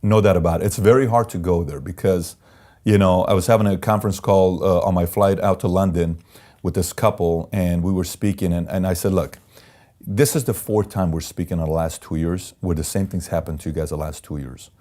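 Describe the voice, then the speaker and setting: A man's voice: deep voice, brisk. A man from Iran, a guest in an interview, telling candid personal stories and acting out the voices of people he quotes. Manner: animated storyteller, acts out quoted voices. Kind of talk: candid storytelling in conversation.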